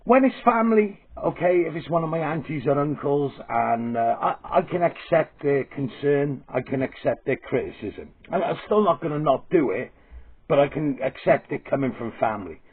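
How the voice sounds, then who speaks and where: Husky sweary man ranting to camera. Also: on the high side, expressive, moderate pace. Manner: profane, aggressive, sweary. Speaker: comedy vlogger. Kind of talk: crude satirical rant to camera. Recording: tinny phone-like audio.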